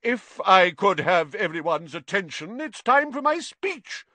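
A man's voice: on the high side, lively intonation, slow, fairly bright tone, no echo, pitched above the performer's own voice, heavily acted. A man voicing a stately ghost nobleman with a formal, pompous manner. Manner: formal and pompous, speaks darkly.

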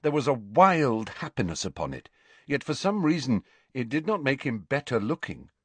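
A man giving a deliberate scripted audiobook narration in an even storytelling manner. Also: medium pitch, husky, no echo.

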